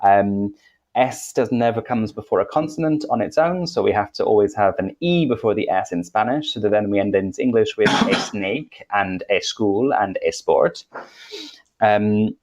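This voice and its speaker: Welsh male podcast co-host, low voice, rambling and chatty, often restarts sentences. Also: expressive, normal speed, a little mellow, poor audio. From Wales. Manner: rambling, self-correcting, chatty. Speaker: podcast co-host, English teacher. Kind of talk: casual podcast discussion.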